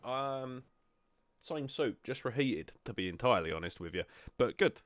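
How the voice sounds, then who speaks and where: A man's voice: medium pitch, expressive, normal speed, no room sound. A young man hosting a gaming video, chatting casually and self-deprecatingly with lots of ums. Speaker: gaming channel host. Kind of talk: casual gameplay chat.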